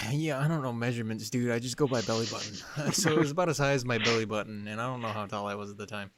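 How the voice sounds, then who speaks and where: A young man co-hosting a podcast, telling a story in an animated, excitable way, full of fillers. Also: medium pitch, fast talker, noisy background. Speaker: podcast co-host. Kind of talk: casual storytelling chat.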